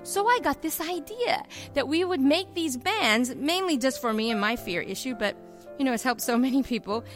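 A middle-aged woman pastor preaching a sermon, telling personal stories in an animated way and acting out the voices she quotes. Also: high voice, moderate pace, faint music behind.

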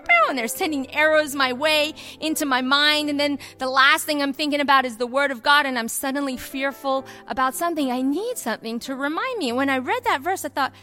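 A middle-aged woman pastor with a high-sitting voice delivers a sermon, animatedly telling personal stories and acting out the voices of the people she quotes.

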